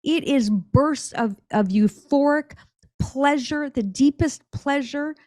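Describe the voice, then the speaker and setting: A woman's voice: high voice, slow, darkish tone, no echo, studio quality. A middle-aged woman, a world percussionist and drum teacher, speaking as a guest on a podcast interview in an emphatic, enthusiastic way with frequent laughs.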